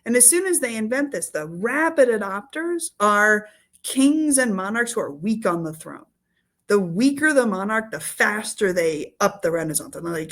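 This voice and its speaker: A woman's voice: medium pitch, very animated, moderate pace, fairly bright tone. A woman historian in a casual interview, explaining history in a playful storytelling way with acted quotes. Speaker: historian guest.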